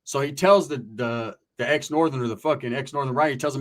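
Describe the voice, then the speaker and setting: A man's voice: mid-range voice, very fast, hardly any pauses. A man from California telling a story in casual, profane street slang, often tagging his sentences with "right?". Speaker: storyteller recounting prison experiences.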